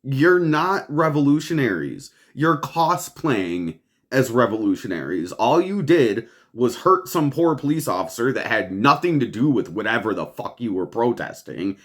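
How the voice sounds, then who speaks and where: A man's voice: mid-range voice, sing-song, moderate pace, fairly bright tone. A man hosting a podcast, ranting over the news in a profane, exasperated way and laughing often. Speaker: podcast host.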